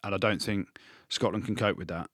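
Male podcast co-host, emphatic and jokey, low register, dry studio. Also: steady tone, fairly quick, fairly bright tone, breathy edge, no echo. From England. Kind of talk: casual sports chat.

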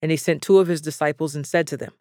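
A man giving a scripted Bible reading in a measured, even, solemn delivery. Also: on the high side, no room sound, studio quality. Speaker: scripture reader.

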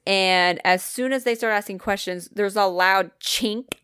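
A woman's voice: mid-range voice, a little slow, smooth. Rambling, swearing woman podcast host. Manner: rambling, animated, swears freely, fillers like "like" and "kinda". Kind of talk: casual storytelling chat.

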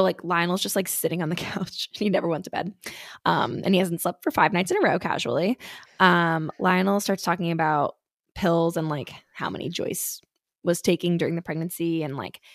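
A woman's voice: lowish voice, normal speed, no room sound, clean studio sound. A woman co-hosting a podcast, recapping a TV episode in casual chat, full of fillers and swearing. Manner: swears a lot, many fillers, laughs while recapping. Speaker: podcast co-host.

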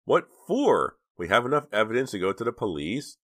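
Male reader as sharp-tongued teen girl, raised pitch, curt, dry close read. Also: sing-song, no echo. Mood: urgent, impatient. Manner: curt, quick retorts. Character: bossy impatient teenage girl. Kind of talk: audiobook character reading.

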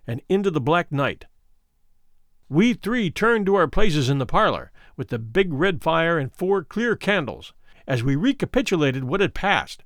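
A man narrating a classic story as an audiobook, with deliberate and expressive storytelling. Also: a little high, no echo, clean studio sound.

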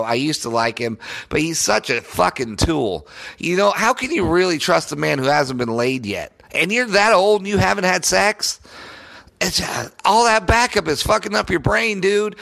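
A man's voice: high voice, vocal fry, a bit bright. A man hosting a solo sports podcast, ranting in a heated, profane and sarcastic way.

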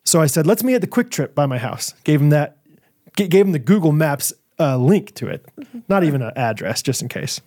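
Laughing, animated male storyteller. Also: a little high, a little fast, no room sound, clean studio sound. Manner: animated storyteller, laughs often, acts out quotes. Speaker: podcast co-host. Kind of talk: casual chat.

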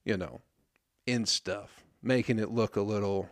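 This is a man in his thirties with a lowish voice, holding forth in a loose, rambling solo rant. He swears freely and keeps a sarcastic tone. The sound is dry, with no room around it. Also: fairly even intonation, unhurried, no echo. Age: 30s.

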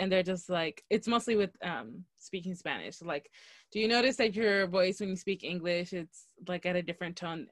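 A young woman co-hosting a podcast in casual chat, telling stories quickly and animatedly with frequent fillers. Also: fairly low pitch, no room sound. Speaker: podcast co-host.

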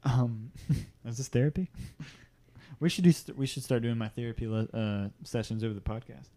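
A man in casual conversation on a podcast, talking over a movie from his living room. He is chatty, laughs easily and tosses in goofy impressions at an ordinary middle pitch. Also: steady tone, moderate pace, dark tone. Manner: chatty, laughs often, does playful impressions. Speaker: podcast host. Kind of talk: casual chat while watching a movie.

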